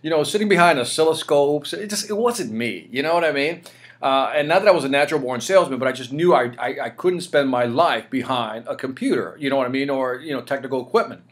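A man in his forties being interviewed, telling a career story in a lively, energetic way, often tagging "right?" and "you know". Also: mid-range voice, fast talker. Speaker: interview guest, sales speaker.

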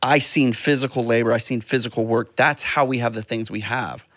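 A man's voice: medium pitch, steady tone, brisk, a bit bright, no echo. Reflective middle-aged man, dry close sound. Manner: reflective, repeats words when starting. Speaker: podcast host. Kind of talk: casual chat.

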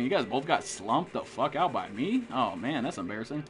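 A man's voice: mid-range voice, big pitch swings, brisk, few pauses, fairly bright tone, soft background music. A man streaming a game live, swearing and trash-talking other players while he greets chat viewers. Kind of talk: live gameplay commentary.

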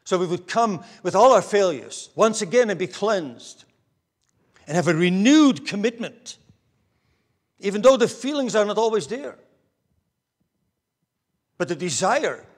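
Slow, earnest preacher man. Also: sits high, big pitch swings. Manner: earnest, swings from raised emphasis to hushed near-whispers. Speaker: pastor. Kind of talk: sermon. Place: church pulpit.

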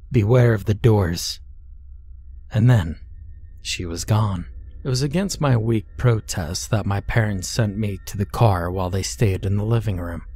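Low, mellow male horror narrator. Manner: steady, measured storytelling. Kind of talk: scripted horror story narration.

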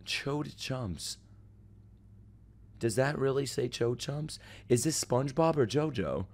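Lively, incredulous man cursing while reacting. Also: mid-range voice, moderate pace, slight background noise. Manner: profane, incredulous, bursts of laughter. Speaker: reaction video host. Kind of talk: first-time reaction commentary. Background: faint music from the clip he is watching.

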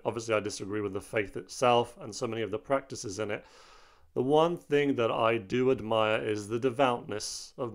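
A man hosting an opinion commentary video, speaking in an indignant, emphatic way. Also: mid-range voice. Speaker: host.

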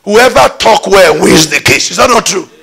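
A man's voice: sits high, lively intonation, moderate pace, gravelly, fairly bright tone, husky. A man preaching a sermon in a church, emphatic, with call-and-response questions. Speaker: pastor.

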